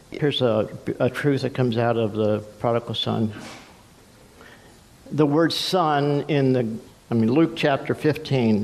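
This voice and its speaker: A man is preaching from the pulpit and telling stories, and he slips into the voices of the people in them. His voice sits in a middle pitch, and a long church reverb trails every phrase. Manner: storytelling, acts out voices with swings in pitch and pace. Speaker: pastor. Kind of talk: sermon. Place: church sanctuary.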